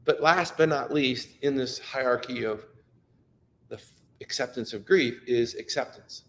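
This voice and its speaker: A man's voice: medium pitch, unhurried, in a large hall. Earnest emotional man giving a motivational talk. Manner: earnest and emotional, with frequent repetitions and restarts. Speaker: speaker sharing personal stories.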